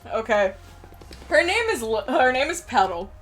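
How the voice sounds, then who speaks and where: A young woman streamer with a fairly high voice chats along in a giggly, rambling way. She swears casually, with faint music under her voice. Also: expressive, moderate pace. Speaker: streamer host. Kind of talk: casual chat.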